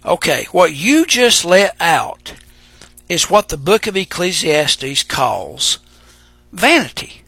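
A man preaching a sermon, speaking emphatically and pausing for drama. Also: on the high side, big pitch swings, vocal fry, pushed and bright, slightly rough, no echo. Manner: dramatic pauses and emphatic delivery.

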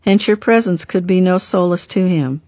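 A woman reading the part of a gentle older brother in an audiobook, speaking calmly and softly. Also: sits high, moderate pace, dry recording, clean studio sound. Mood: soothing. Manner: gentle, calm, softly reassuring. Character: gentle grown man, a caring older brother.

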